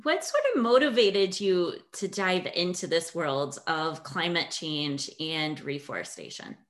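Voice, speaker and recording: A woman's voice: on the low side, lively intonation, unhurried. A woman hosting a casual interview over coffee, friendly and chatty, with lots of "like" and "sort of.". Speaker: interview host.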